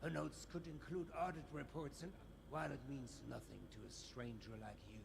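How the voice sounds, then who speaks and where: An actor with a German accent playing a formal, wordy gentleman and husband who was once blind, in a video game. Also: medium pitch, lively intonation, normal speed, gravelly, noisy background. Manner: courtly, theatrical, wordy.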